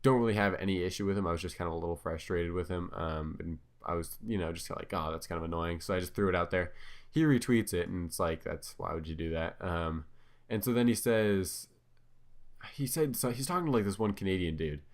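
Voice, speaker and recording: Man, very low voice, loose unscripted commentary, lots of fillers and restarts. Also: fairly quick. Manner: filler-heavy, hesitant, self-correcting. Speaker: commentator on his own videos. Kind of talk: casual rambling commentary.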